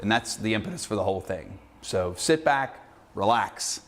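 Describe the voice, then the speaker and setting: A filmmaker sending a casual video message to introduce a screening. He tells an animated, exasperated story. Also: fairly low pitch, normal speed, a little hiss or hum.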